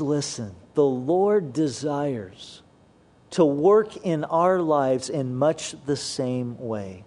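A man with a fairly high voice delivers a sermon. He speaks earnestly and slows down, dropping quieter and lower whenever he quotes scripture. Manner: earnest preaching, slows and drops low when quoting scripture. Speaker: pastor.

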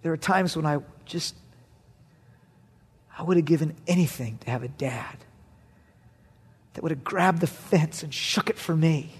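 A male pastor with a high voice preaches a sermon. He is animated, swinging between loud bursts and hushed, near-whispered passages. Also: measured pace, long pauses, slightly rough.

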